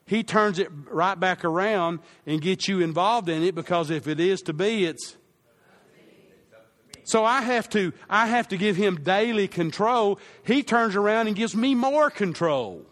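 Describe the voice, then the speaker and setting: The sermon comes from a male pastor whose fairly high voice is a bit bright and measured in pace. He restates his main points for weight and has worshippers repeat phrases with him.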